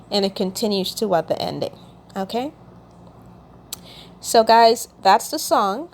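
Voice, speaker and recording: Her mid-range voice is a little slow, broken by long pauses, as she hosts a relaxed Christian video. Warm in manner, she reads out song lyrics, explains their meaning, and keeps asking "okay?".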